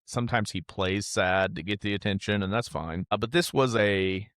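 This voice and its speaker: A man in his thirties hosts a podcast and tells a story from home. His voice sits low, and he rambles in a candid, heartfelt way with some casual swearing. The sound is close and dry, with no room echo. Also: moderate pace, a bit bright, clear, resonant tone. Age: 30s. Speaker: podcast host.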